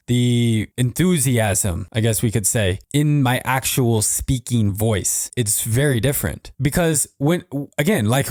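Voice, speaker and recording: A man's voice: medium pitch, a little mellow, no room sound. Casual male podcast host, dry sound. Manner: conversational, self-deprecating, addresses listeners as guys. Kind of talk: casual solo podcast monologue.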